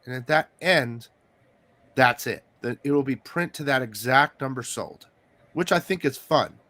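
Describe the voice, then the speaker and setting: A man hosting a casual interview about comic collecting, chatty and excitable, coughing from allergies. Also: mid-range voice, a little slow. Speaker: host.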